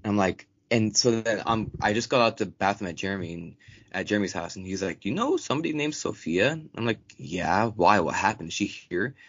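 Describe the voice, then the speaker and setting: A young podcast co-host tells a story in casual chat, swearing often and animatedly acting out other people's quotes in a raised voice. His voice is low, slightly rough and a little fast, in a dull, dry lo-fi recording.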